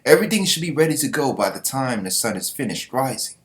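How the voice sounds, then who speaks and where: A man's voice: mid-range voice, very animated, quick pace, voice pushed up, natural voice. A man voicing a ship captain who barks orders at his crew. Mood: urgent. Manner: barking orders.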